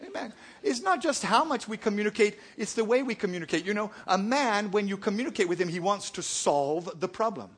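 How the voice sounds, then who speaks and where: A man's voice: high voice, expressive, a little fast, few pauses, a bit bright, slightly rough. A man preaching a sermon, telling jokes and stories to his congregation. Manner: joking, storytelling preacher. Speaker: pastor.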